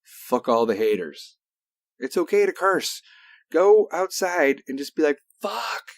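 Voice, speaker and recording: A man hosting a solo talk show in a heated, profane rant that swings between loud outbursts and low mutters. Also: big pitch swings, unhurried, no room sound, studio quality. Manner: heavy cursing, heated. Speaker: podcast host.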